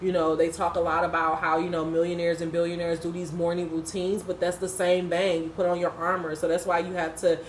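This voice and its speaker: A woman's voice: fairly low pitch, little pitch movement, a little fast, hardly any pauses, echoey room, slight background noise. A woman giving unscripted, casual commentary on a TV episode, blunt, profane and impassioned. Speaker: TV episode reviewer.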